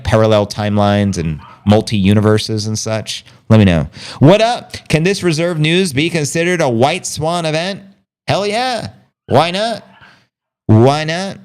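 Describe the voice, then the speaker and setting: A man's voice: lowish voice, clean tone. Hyped, chatty male livestream host. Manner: hyped, loose and chatty with shout-outs. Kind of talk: casual livestream news commentary.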